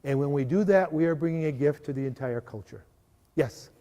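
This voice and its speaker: A man's voice: a little high, brisk. Man presenting a workshop in a reverberant hall. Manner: lively, asks the audience for agreement. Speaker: trainer giving a parish workshop. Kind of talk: live workshop talk. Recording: live hall recording with long reverb.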